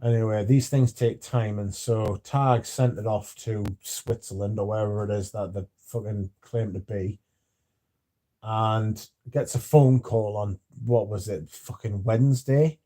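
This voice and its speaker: Sweary livestream host, mellow. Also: male voice, fairly low pitch, fairly even intonation, a little slow. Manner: sweary, reads out chat messages. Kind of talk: casual livestream chat.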